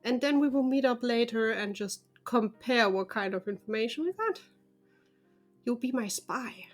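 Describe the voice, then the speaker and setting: A woman's voice: on the high side, lively intonation, normal speed, faint music behind. A woman playing her character in a tabletop role-playing game, planning aloud in first person. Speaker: player.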